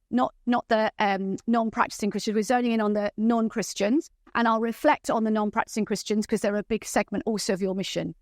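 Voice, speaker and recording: Speaking at a fairly high pitch, this woman runs a church leadership training with lots of enthusiasm, often tossing rhetorical questions to her listeners. The recording is studio quality, without any echo.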